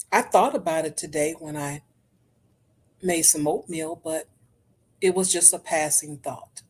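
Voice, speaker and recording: A woman hosting a casual chat show, talking in a chatty, animated way with African American English and sudden leaps in pitch. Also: slightly rough. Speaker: host.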